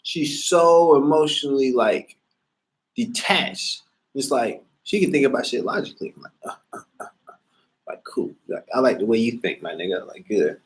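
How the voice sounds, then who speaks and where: Man, casual talk, lively swooping pitch, slangy and profane, unscripted rant. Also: normal speed. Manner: profane, slangy, animated storytelling. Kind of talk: casual monologue.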